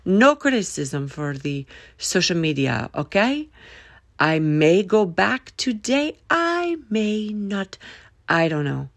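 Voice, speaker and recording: A woman hosting a faith-based solo podcast, talking in a folksy, preachy way with drawn-out emphatic phrases and a playful Southern drawl. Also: sits low, big pitch swings, creaky, no room sound, studio quality. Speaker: podcast host.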